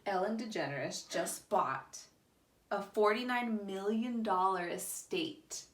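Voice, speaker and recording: A woman's voice: mid-range voice, slow pace, far from the mic. A woman co-hosting a casual podcast, rambling and giggly as she jumps between topics. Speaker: podcast co-host. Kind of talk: casual chat. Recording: echoey room, voice a bit off-mic.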